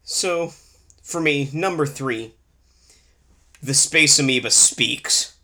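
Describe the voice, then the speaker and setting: A man's voice: on the high side, slow pace, pushed and bright. A man co-hosting a casual movie review chat, ranting sarcastically and swearing often. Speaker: podcast co-host.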